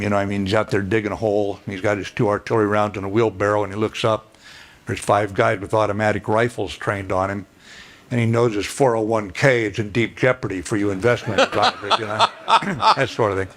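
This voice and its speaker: Plainspoken older man telling a story. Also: lowish voice. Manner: folksy, plainspoken, with throat clearing and fillers. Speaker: retired general giving a speech. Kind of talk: storytelling speech to an audience.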